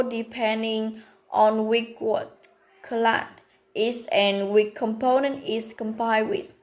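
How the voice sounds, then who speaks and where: Woman reading out a class presentation, first language vietnamese, slightly high voice, slow and careful with lots of pauses. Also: darkish tone, rough recording. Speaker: student presenter.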